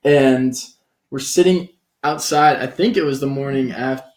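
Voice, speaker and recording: A man's voice: mid-range voice, a little slow, darkish tone. Casual young guy telling stories, echoey room. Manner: laid-back storytelling, frequent swearing and laughter. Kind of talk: casual chat.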